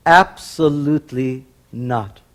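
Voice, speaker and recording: A man's voice: mid-range voice, slow, pitched below the performer's own voice, close to an everyday voice. A man voicing a curious, coaxing priest in a stage joke. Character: curious male priest, confiding.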